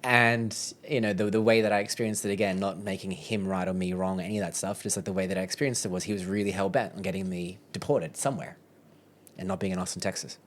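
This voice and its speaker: With a low, steady voice and a quick pace, an Australian man shares a personal story as a podcast guest. He's candid and chatty, frequently voicing his own thoughts and laughing as he talks.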